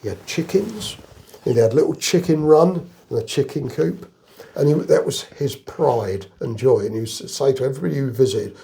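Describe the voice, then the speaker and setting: Older English army veteran with gravelly voice. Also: male voice, mid-range voice, normal speed, darkish tone. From England. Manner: rambling anecdotal storyteller, chuckles through jokes. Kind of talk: casual storytelling interview.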